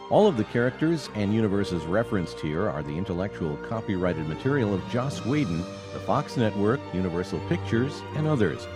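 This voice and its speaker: A man's voice: on the low side, very animated, brisk, few pauses. A man announcing a podcast disclaimer in a read, formal style. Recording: music bed behind voice.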